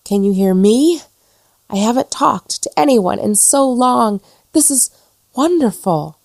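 A woman voicing a bewildered, lonely young woman ghost who speaks in breathless, excited bursts. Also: fairly low pitch, a little slow, no room sound, clean studio sound, pitched above the performer's own voice.

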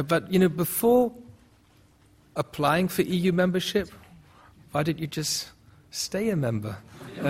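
A man whose first language is German speaks to an audience at a public debate. His voice is high and husky. He presses his points with rhetorical questions and stumbling restarts. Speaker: panel speaker.

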